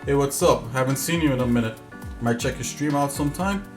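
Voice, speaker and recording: A man's voice: medium pitch, fairly quick, soft background music. A man hosting a casual livestream as a game developer, talking in an easygoing, rambling way with lots of fillers.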